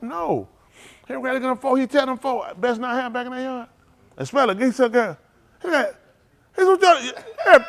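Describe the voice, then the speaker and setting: A preacher who tells stories in a loose, rambling way. His voice sits a little high for a man and swings widely in pitch, climbing sharply when he gets worked up. He laughs often and circles back over his own phrases. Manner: animated, laughing, repeats and restarts phrases. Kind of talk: loose storytelling sermon.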